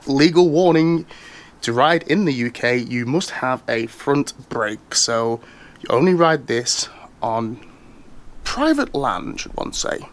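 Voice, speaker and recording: A man's voice: mid-range voice, very animated, slow, fairly bright tone. A British man presenting a casual how-to vlog as a bike reviewer, chatty and wry, with jokey asides.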